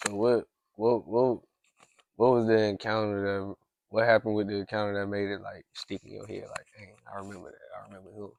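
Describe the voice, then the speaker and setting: A man's voice: lowish voice, little pitch movement, brisk, vocal fry, darkish tone, no echo. Podcast host man telling a story. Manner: rambling, heavy use of "like", frequent restarts. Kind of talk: casual storytelling chat.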